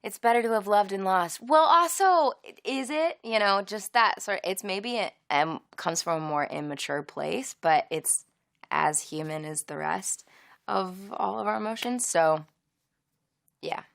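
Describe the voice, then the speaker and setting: A young woman songwriter speaks in an unhurried, open, confessional way. She is candid and casually swears, at an ordinary pitch for a woman. Her talk is relaxed interview chat about her own music. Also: vocal fry, no echo, studio quality. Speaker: singer-songwriter.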